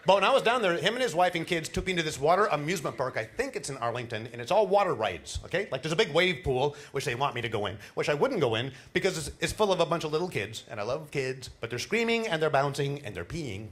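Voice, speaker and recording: A middle-aged man doing a stand-up comedy set on a cruise ship, telling animated stories with laughs and put-on voices. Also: fairly high pitch, fast, few pauses. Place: cruise ship show lounge.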